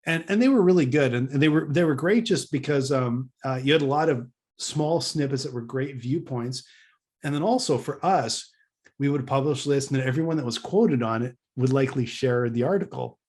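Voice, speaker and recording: A man's voice: mid-range voice, fairly quick, a little mellow. A man co-hosting a casual business podcast, rambling with many restarts and dry laughs. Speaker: podcast co-host.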